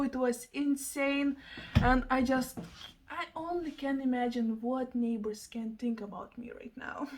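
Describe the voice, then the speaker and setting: A young woman with a high, bright-pitched voice talks straight to her viewers in a casual vlog. She is excitable and laughs often, exclaiming as she goes. She is from Lithuania, with Lithuanian as her first language. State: out of breath. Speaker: vlogger. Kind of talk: casual vlog chat to camera.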